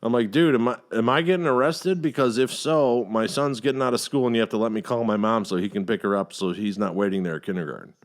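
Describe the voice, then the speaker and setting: A middle-aged man hosting a casual podcast chat, telling a long story with heavy profanity and animated outbursts. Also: medium pitch, quick pace, hardly any pauses. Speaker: podcast host.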